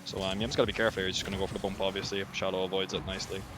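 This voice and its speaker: Fast-talking Irish esports analyst. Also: male voice, low voice, little pitch movement. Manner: rapid, chatty analysis with fillers. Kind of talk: color commentary. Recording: noisy background.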